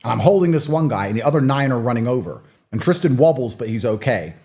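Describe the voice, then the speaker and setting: A man in his thirties holds forth as a guest in a sit-down interview, mixing stories with sharp opinions. His delivery is blunt and emphatic, and his voice rises and falls with lively swings. It sits at an ordinary middle pitch. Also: fast talker, husky. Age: 30s. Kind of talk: conversational storytelling and opinion.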